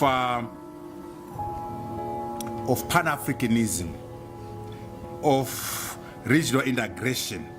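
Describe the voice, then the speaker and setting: A man from Zimbabwe giving an emphatic, rhetorical public speech, repeating key phrases for effect. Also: mid-range voice. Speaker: speaker.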